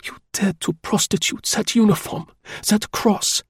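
Fierce, proud woman spy, high and gravelly, as a male reader puts her on, intense, quietly furious. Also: little pitch movement, moderate pace, no room sound, clean studio sound, heavily acted.

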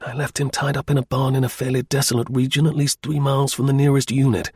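A male reader gives voice to a cool, audacious officer hiding behind a German disguise. His speech is clipped and breezy, slightly husky, and sits in a dry, close sound, like a storybook adventure hero. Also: medium pitch, flat delivery, fast talker, a little mellow, dry recording. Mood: offhand.

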